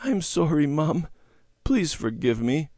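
A man voicing a little girl in a children's storybook, raising his voice to sound young and gentle. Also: mid-range voice, big pitch swings, unhurried, dry recording, studio quality. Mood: sorry. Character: little girl, sister, soft and sorry.

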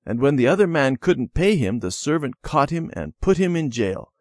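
A stubborn young boy from a children's storybook, as voiced by a man reading aloud. He sounds boyish and earnest, with a lively, bouncing pitch. The sound is close and dry. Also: normal speed, no room sound.

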